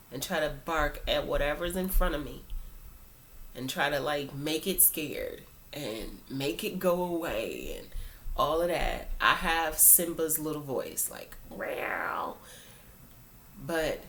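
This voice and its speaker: A woman's voice: deep voice, fairly bright tone. A woman talking earnestly and informally to camera in a casual faith talk, preaching a little as she goes. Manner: informal phrasing with many fillers. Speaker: Christian vlogger.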